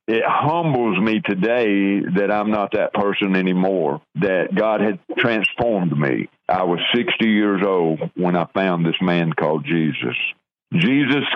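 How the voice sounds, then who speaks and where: Low-voiced older man telling his testimony. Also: lo-fi sound. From American South. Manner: earnest, halting storytelling with restarts. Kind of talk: personal testimony.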